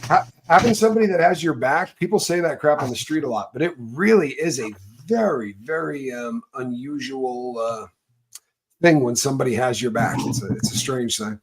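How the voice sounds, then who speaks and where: A man, host of an online call, telling a story in rambling casual chat that swings between loud bursts and low mutters. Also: expressive, moderate pace, a little hiss or hum. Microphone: video call.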